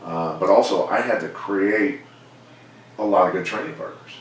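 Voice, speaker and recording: A middle-aged man, a former fighter turned coach, telling stories in a measured, plainspoken way during an interview. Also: deep voice, slight background noise. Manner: measured, plainspoken, animated when quoting others. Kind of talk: casual storytelling interview. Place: gym. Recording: echoey room, mic far off.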